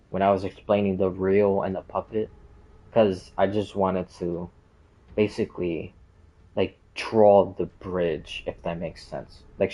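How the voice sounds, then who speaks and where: A man's voice: low voice, dark tone, slightly rough, poor audio. A man explaining game lore in a casual, rambling way, full of fillers and side tracks. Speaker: game streamer.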